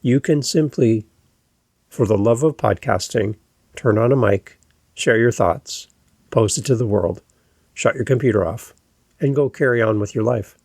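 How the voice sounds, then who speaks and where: A man's voice: mid-range voice, unhurried, long pauses, darkish tone, slightly rough, dry recording, clean studio sound. A man hosting his own solo podcast, talking in an earnest, reassuring and conversational way. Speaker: podcast host.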